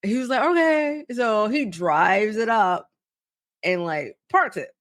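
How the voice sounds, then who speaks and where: A young woman on a podcast, telling a story in a loose, profane, animated way and acting out both sides of each exchange. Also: mid-range voice, slow pace, no room sound, studio quality. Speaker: podcast co-host. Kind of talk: casual storytelling chat.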